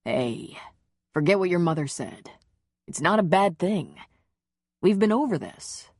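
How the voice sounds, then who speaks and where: A woman narrator voicing a tender man who speaks softly and reassuringly in a low voice. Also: sing-song, a little slow, dry recording, studio quality, exaggerated voice.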